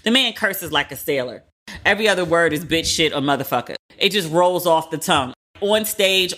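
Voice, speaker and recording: A woman's voice: low voice, a bit bright. A woman hosting a podcast, giving frank, profane pop-culture commentary and retelling what others said in casual quoted asides. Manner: candid and profane, heavy use of "like". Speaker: podcast host.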